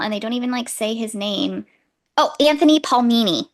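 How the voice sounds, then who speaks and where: Young female podcast co-host, bubbly and gushing, somewhat high-pitched, casual chat. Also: moderate pace. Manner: bubbly, gushing, laughs often.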